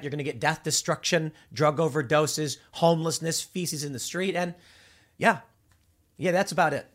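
A man from Chicago delivers an unscripted political monologue with a slightly high voice. His pitch swings widely as he rambles, restarting and repeating words as he goes. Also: fairly bright tone. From Chicago, USA. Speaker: political commentary host.

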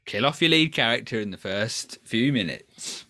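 A man co-hosting a casual film review chat, jokey and quick to put on mock-posh voices. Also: mid-range voice, animated, pushed and bright, a little hiss or hum. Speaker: film podcast co-host.

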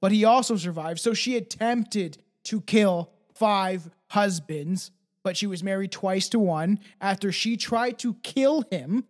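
A man's voice: high-pitched, measured pace. Crude swearing podcast co-host, man. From not from the United States. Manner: crude, swearing, laughing often. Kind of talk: casual true-crime podcast chat.

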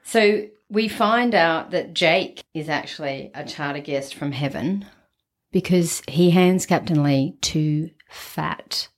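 Low-voiced steady woman co-host. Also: slow. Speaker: podcast co-host. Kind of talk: casual recap chat.

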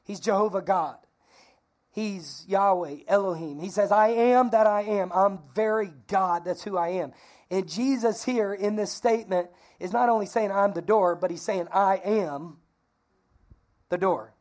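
Woman pastor, conversational sermon, energetic, mid-range pitch, call-and-response. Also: a little slow.

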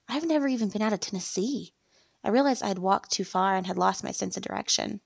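A woman narrating a first-person story in a steady, read-aloud storytelling manner. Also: mid-range voice, creaky, no echo.

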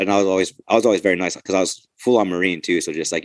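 Casting note: rapid, low-voiced cop, loose and profane, dry close sound. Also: male voice, steady tone, no room sound. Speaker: podcast host, police officer. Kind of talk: casual chat.

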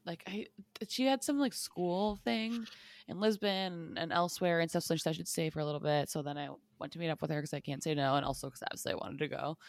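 A woman's voice: deep voice, fast, no room sound. A young woman co-hosting a podcast, chatting casually and rambling with lots of fillers and laughter. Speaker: podcast co-host. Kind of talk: casual chat.

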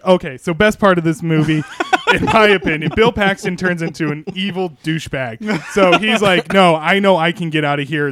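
A man's voice: on the high side, a bit bright, clear, resonant tone, no room sound. A young man recapping a movie plot in casual chat, sarcastic and rambling, laughing often. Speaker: podcast panelist pitching a movie.

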